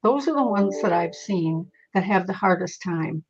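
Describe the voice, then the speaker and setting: A woman guest speaking as a psychic, telling lively stories in casual conversation and acting out the voices in them. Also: on the low side, moderate pace, breathy edge. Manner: animated, quotes voices in her stories. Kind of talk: conversational storytelling. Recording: muffled lo-fi audio.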